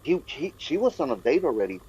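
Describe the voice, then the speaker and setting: A man's voice: fairly high pitch, very animated, a little fast, warm tone, slightly rough, lo-fi sound. A man co-hosting a casual podcast, blunt, crude and complaining. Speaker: podcast co-host. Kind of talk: casual chat.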